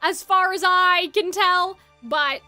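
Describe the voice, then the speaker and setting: Bright, chatty woman streamer. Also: very high-pitched, slow. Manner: chatty, giggly, full of "like". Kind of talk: casual game commentary. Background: game music.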